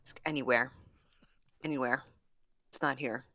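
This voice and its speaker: A blunt, foul-mouthed sports podcast co-host with a bright, forceful voice. The sound is close and dry, with no room around it. The talk is loose and opinionated, and it slips into mock quotes of the players. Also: medium pitch, fairly even intonation, moderate pace, no room sound. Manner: blunt and profane, acts out players' imagined thoughts. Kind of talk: casual sports chat.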